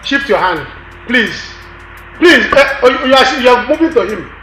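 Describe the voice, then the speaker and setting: A man's voice: sits high, lively intonation, moderate pace, sharp tone, slight background noise. A man, playing a comedian who teases the people around him with repeated playful jokes. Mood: teasing. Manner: playful, teasing, repetitive banter. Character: joking wedding comedian teasing guests. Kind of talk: film acting. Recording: roomy echo with faint music.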